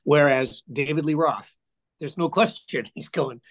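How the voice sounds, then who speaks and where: An older man with a somewhat high speaking voice tells stories in a relaxed interview. He is animated and keeps slipping into little voices for the people he quotes. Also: a little slow. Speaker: interview guest, musician. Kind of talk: casual conversation, storytelling.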